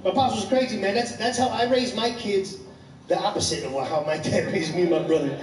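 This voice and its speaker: A man in his thirties tells stand-up stories in a rambling, animated, profane way. His voice sits high for a man. He is picked up from a distance in an echoey comedy club. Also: a little fast, a little hiss or hum. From Chicago. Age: 30s. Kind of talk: stand-up storytelling.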